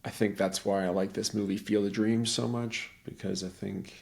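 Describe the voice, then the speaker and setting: A man's voice: fairly low pitch, fairly even intonation, normal speed, gravelly. A middle-aged man in casual conversation, telling a rambling story and acting out the voices of the people in it.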